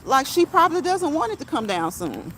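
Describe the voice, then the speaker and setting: A woman's voice: sits high, very animated, a little fast, fairly bright tone, a little hiss or hum, poor audio. A woman talking casually to her viewers while out on a walk, stressing her points by repeating them. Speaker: vlogger. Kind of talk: casual walk-and-talk monologue. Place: outdoors while walking.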